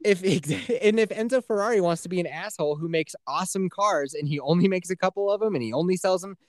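A man co-hosting a casual podcast, talking in a profane, animated way and laughing often. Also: sits high, quick pace, no room sound, clean studio sound. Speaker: podcast co-host.

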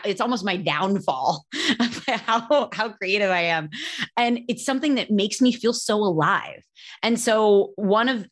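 Chatty woman with a lowish voice. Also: a bit bright. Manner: chatty, self-deprecating, laughs often; fast, restarts mid-sentence. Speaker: nutrition podcaster, guest. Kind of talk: casual conversational interview.

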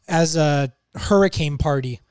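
A man's voice: a little high, unhurried, a little mellow, clean tone, dry recording. Slangy podcast guy, dry mic. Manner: casual, slangy plot summarizing. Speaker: podcast co-host. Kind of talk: casual chat.

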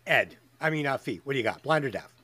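A man hosting a casual podcast, animated and profane, laughing often as he banters. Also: mid-range voice, fast, slightly rough. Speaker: podcast host.

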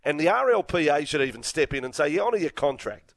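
Fired-up Australian sports radio host. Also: male voice, on the high side, sing-song, fast talker, no echo. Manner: fired-up, opinionated, blunt. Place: radio studio. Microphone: studio microphone.

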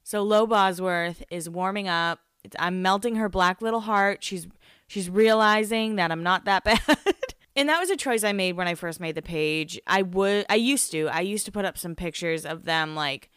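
A woman's voice: on the low side, moderate pace, fairly bright tone, smooth, dry recording, studio quality. A woman hosting a podcast, recapping in casual chat, rambling, swearing and laughing at herself. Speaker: podcast host.

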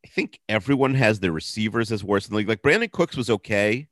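A man with a fairly low voice co-hosts a casual sports podcast, delivering blunt, dry-humored opinions at an easy pace. The sound is close and dry. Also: animated, quick pace, dry recording. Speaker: podcast co-host.

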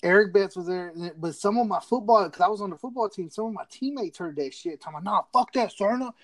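A man's voice: high voice, quick pace, dry recording. A man eagerly recounting a story in casual chat, swearing and tossing in "dude" often. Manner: excited, profane, says "dude" a lot. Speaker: guest.

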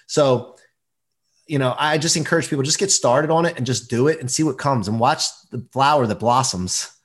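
A man who is a performance coach, talking as a guest in a casual interview, energetic, emphatic and motivational. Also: mid-range voice, normal speed.

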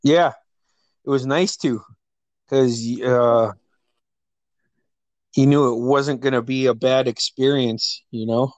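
A man's voice: slow pace, long pauses, dry recording. A man casually telling stories about a friend, laughing often and acting out quotes in a raised voice. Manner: animated storyteller, acts out quotes in a higher voice; laughs often, many fillers. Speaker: friend sharing memories. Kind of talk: casual storytelling chat.

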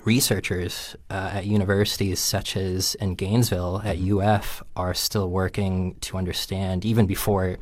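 A man speaking as a health reporter on a news panel, measured and hedging with fillers. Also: low-pitched, level tone, no room sound.

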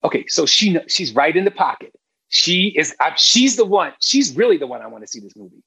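A man's voice: a little high, sing-song, a little fast, gravelly, sharp tone, slightly rough, dry recording, poor audio. A middle-aged man talking as a guest film director in a casual interview, emphatic and candid, swearing freely.

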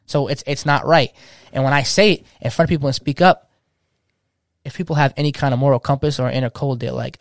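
A man's voice: medium pitch, steady tone, fairly quick, no echo, clean studio sound. A man in his thirties, a DJ, talking passionately in casual slang and restarting his sentences often. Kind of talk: casual podcast chat.

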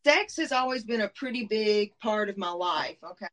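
A woman's voice: mid-range voice, expressive, moderate pace, fairly bright tone, rough recording. Southern georgia woman guest, forties, hesitant, lots of ums, candid interview. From Middle Georgia, US. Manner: hesitant, many ums, laughs easily.

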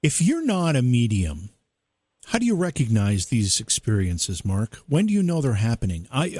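A man hosting an interview, asking questions in a calm, self-deprecating way. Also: mid-range voice, no echo. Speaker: host. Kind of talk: casual interview.

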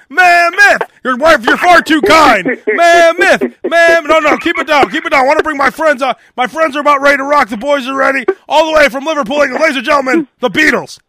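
A man putting on the voice of an over-the-top male rock radio DJ, bellowing drawn-out announcer hype at a stadium crowd. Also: very high voice, pushed and bright, no room sound, pitched above the performer's own voice, exaggerated voice. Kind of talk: comedy bit.

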